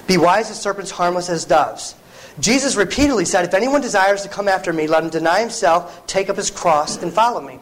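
A man with a high voice preaches a sermon to a congregation. He talks earnestly and conversationally, restarting phrases and dropping in asides as he goes. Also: animated, a little fast, a bit bright, a little hiss or hum, low-quality recording.

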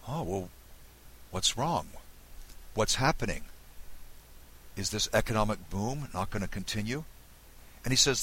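Husky, forceful man teaching Bible. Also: fairly low pitch, sing-song, unhurried, long pauses, rough recording. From Southern United States. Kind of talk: recorded Bible lesson.

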